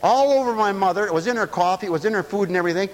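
A man preaching a lively sermon, telling stories and acting out the voices of the people in them. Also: high voice, racing, big-room sound, low-quality recording. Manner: animated storyteller, acts out quoted voices, laughs often.

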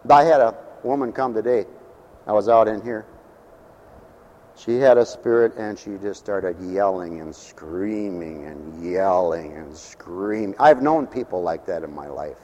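A man preaching a sermon as pastor, swinging between loud declarations and hushed, low storytelling. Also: measured pace, long reverb tail, lo-fi sound.

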